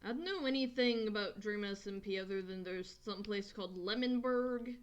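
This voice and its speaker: A woman's voice: medium pitch, moderate pace, muffled recording. A woman streaming a game, chatting casually in a crude, rambling way and laughing often. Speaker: gaming streamer. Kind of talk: casual gameplay commentary.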